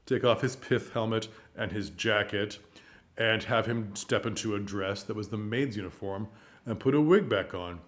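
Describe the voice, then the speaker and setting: Chatty man chuckling as he talks. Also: mid-range voice. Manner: chatty, chuckles between points. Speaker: theater commentator. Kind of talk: casual talk to camera.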